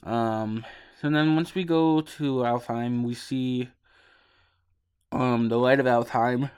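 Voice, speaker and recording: A drowsy young man rambles through a video game story at an unhurried pace. He keeps stopping for ums and uhs and swears casually. His voice is smooth and clear. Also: medium pitch, fairly even intonation, darkish tone. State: sleepy, yawning. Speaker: podcast host.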